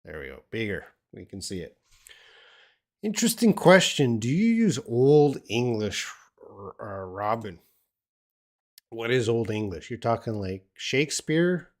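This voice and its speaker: A little slow and medium in pitch, an older English teacher with an Australian accent chats through viewer questions during a live stream lesson. His answers ramble in a relaxed way, heavy on fillers and restarts.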